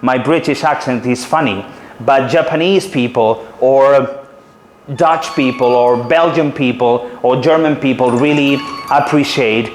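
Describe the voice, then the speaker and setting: Spanish man in his forties teaching. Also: mid-range voice. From Spain. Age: 40s. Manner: confident, explanatory, with hesitant fillers. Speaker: city guide trainer. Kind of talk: workshop talk to trainees. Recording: roomy hall with faint room noise.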